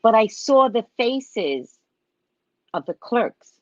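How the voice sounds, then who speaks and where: A woman hosting her show, casually telling a funny travel story, animated and acting out what people said, often asking "right?". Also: a little high, slow pace, dry recording, lo-fi sound. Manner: animated, acts out other people's lines; frequent tag question "right?". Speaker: show host and psychic reader.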